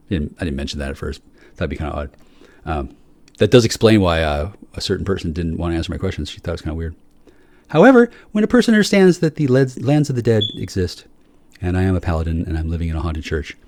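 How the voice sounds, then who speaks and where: A man with a low-set voice rants in a long, profane monologue. He swings from loud outbursts to quiet muttering, stumbling over repeated words. The sound is dry and close, with no room around it. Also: no room sound. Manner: swings from shouting to low muttering, heavy swearing; repeats and restarts words often. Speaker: solo speaker.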